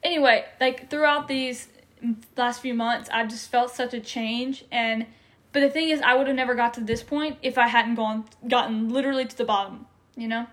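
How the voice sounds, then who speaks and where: A woman's voice: fairly high pitch, steady tone, normal speed. A young woman giving an earnest, emotional faith testimony in casual chat, with many fillers. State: tearful at times. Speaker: faith podcast co-host.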